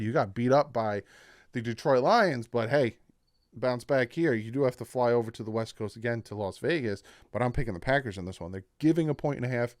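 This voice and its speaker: A man giving his weekly football picks in a casual, animated talk, jumping up in pitch and volume when something surprises him. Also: smooth, no echo, clean studio sound. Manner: animated, with sudden jumps in pitch and loudness. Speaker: sports picks YouTuber. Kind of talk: casual sports prediction talk.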